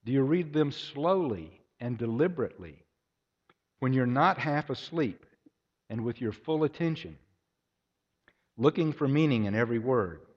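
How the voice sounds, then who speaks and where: A man's voice: mid-range voice, lively intonation, moderate pace, long pauses, darkish tone. A man preaching a sermon, telling anecdotes and acting out their voices. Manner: storytelling, acts out voices in anecdotes. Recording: echoey hall, dull lo-fi sound.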